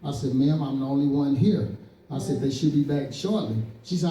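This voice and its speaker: A stand-up comedian from East Saint Louis, Illinois, tells stories and performs the quotes in them, speaking a little fast in a warm, medium-pitched voice. He was recorded from a distance in an echoey club, giving a roomy sound.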